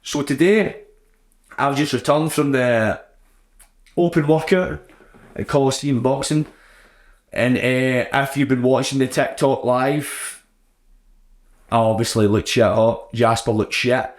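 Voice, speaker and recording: A man's voice: mid-range voice, fairly even intonation, slow pace, long pauses. A young man chatting casually and bluntly on his podcast, swearing freely as he tells a story. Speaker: podcast host. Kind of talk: casual solo chat.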